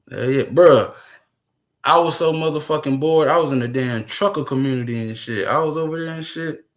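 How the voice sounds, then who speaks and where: A man's voice: mid-range voice, a bit bright. A man hosting his own livestream, chatting casually, rambling and swearing freely as he talks to viewers. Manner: profane, rambling, laughing between remarks. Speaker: livestream host.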